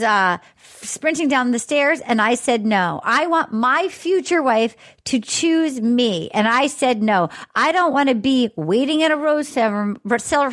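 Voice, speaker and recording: A woman hosting a casual recap chat, acting out quotes and laughing loudly. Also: a little high. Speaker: podcast host.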